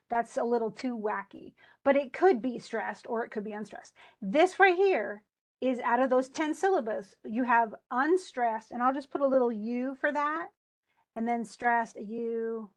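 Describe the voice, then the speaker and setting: Teacher woman walking through poetic stress. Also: on the high side. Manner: thinking aloud with restarts, slowing to stress words. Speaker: poetry teacher. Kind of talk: live tutoring on meter.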